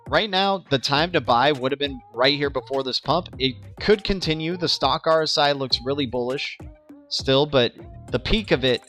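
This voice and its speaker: A man's voice: mid-range voice, a bit bright. A young man of Cuban background hosting a crypto livestream, chatting casually with viewers and often stumbling and repeating words.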